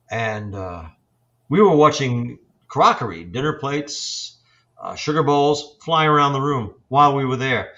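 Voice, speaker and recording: Man in his sixties, investigator guest, halting reflective storytelling, muffled lo-fi sound. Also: medium pitch, a bit bright. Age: 60s. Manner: halting, reflective, with many fillers and restarts. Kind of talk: storytelling in an interview.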